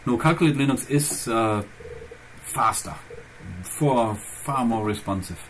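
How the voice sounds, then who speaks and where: A man hosting his own channel chats loosely and thinks aloud, wandering from one point to the next. His has a turn, and his voice sits at an ordinary pitch for a man. A faint noise hangs in the background. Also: takes it slowly, rough recording. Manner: rambling, chatty, thinking aloud. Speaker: channel host. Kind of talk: casual chat.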